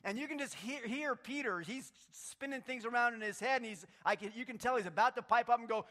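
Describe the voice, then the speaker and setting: Brief: high, bright-voiced male pastor, animated sermon with loud peaks and quiet stretches, talks back and forth with the room. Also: a little fast, few pauses. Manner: animated, swinging between loud emphatic lines and quiet low ones; talks with the congregation, takes answers from the room.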